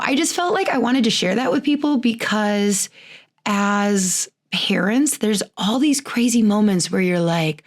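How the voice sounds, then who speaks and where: A woman's voice: medium pitch, unhurried. A woman in her thirties hosting a podcast, talking in a chatty, rambling way, with frequent "like"s and little laughs. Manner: laughs often while talking. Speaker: podcast host. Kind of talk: casual chat.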